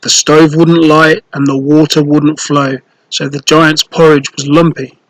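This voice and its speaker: Storyteller reading a children's book: slightly high male voice, very unhurried, playful. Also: little pitch movement, no echo, poor audio. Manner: slow, clear and playful, with rhymes.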